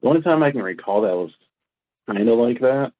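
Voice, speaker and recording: A man's voice: mid-range voice, lively intonation, brisk. A man, a guest in a casual interview, telling rambling stories with stammers and restarts. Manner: rambling, stammering anecdotes with acted-out quotes. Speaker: guest, former prank video maker. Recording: tinny phone-like audio.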